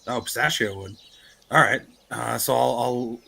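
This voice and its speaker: A man's voice: medium pitch, unhurried, gravelly, sharp tone. A man playing a tabletop game over a voice call, easygoing and joking. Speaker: player. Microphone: online voice call mic.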